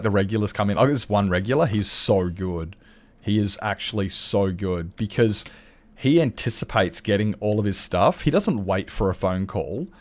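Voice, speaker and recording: An Australian man streaming a game and chatting casually, telling animated stories and acting out other people's lines, with chuckles and restarts. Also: lowish voice. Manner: animated storyteller who acts out customers' lines; frequent chuckles and self-interruptions. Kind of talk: casual chat while gaming.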